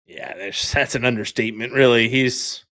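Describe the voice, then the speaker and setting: A man co-commentating a darts match, laid-back and quick to laugh. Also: medium pitch, fairly even intonation, sharp tone, no echo, studio quality. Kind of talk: live sports commentary.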